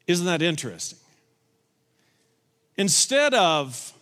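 A male pastor delivering a sermon with a bright, forceful tone and a slightly raised pitch. He slows down and leans in on spoken prayers. His voice rings with the long reverb of a large church hall. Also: animated. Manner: preaching with slowed, emphatic prayer lines.

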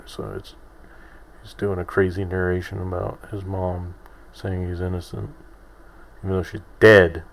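Deep, slow-talking man rambling on a podcast. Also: little pitch movement, creaky. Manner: rambling, self-deprecating, many restarts. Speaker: podcast host. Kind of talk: casual solo podcast monologue.

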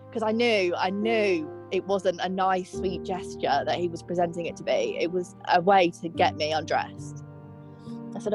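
A woman's voice: lowish voice, soft background music. Young woman recounting hard memories. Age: young adult. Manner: halting, emotional recounting with many fillers. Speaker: interviewee. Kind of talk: personal testimony interview.

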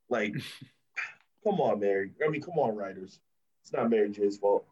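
A man co-hosting a TV review podcast, talking casually in an animated, mocking way and laughing often. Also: mid-range voice, normal speed, lo-fi sound. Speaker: podcast co-host reviewing a TV episode.

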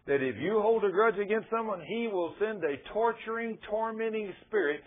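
Raspy preacher man on a tinny broadcast. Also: sits high, lively intonation, normal speed. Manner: storytelling, acting out dialogues. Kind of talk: sermon. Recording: tinny phone-like radio broadcast.

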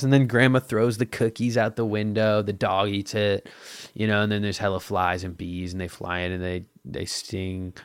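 A man's voice: fairly low pitch, no echo, clean studio sound. A man hosting his own podcast in a crude, giddy, rambling, self-mocking monologue into his microphone. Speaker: podcast host.

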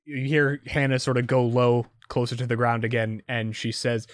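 A man's voice: mid-range voice, lively intonation, unhurried, few pauses, no room sound, clean studio sound. A man narrating as game master for a tabletop game, rambling with many fillers and restarts.

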